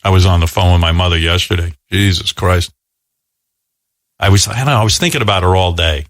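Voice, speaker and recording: Rambling, bright-voiced radio host. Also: male voice, sits low, a little fast. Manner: rambling, self-deprecating, with many restarts. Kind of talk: casual talk-show storytelling.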